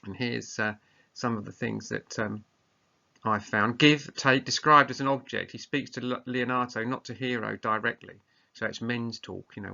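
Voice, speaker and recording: A male teacher talks through a recorded lesson, setting tasks in a plain, sometimes hesitant way. His voice is bright and forward. The sound is muffled and lo-fi. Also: lowish voice, gravelly.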